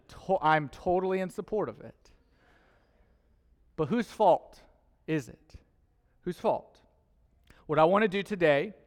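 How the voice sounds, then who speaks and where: Young male pastor, high voice, chatty sermon delivery, church hall reverb. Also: smooth. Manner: conversational, rhetorical questions, playful asides. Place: church auditorium.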